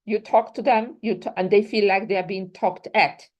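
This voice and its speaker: A woman's voice: medium pitch, normal speed, muffled recording. A young adult woman gives a lecture to teachers and works through one example after another. She explains step by step and keeps checking in with her listeners as she moves through her slides. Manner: explains step by step with examples, often asks "right?". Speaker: teacher trainer.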